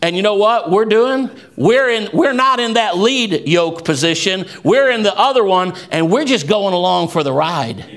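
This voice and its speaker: High, bright-voiced impassioned preacher man. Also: expressive, moderate pace, few pauses. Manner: impassioned preaching, swinging between low asides and raised shouts; quotes scripture. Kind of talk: fervent sermon.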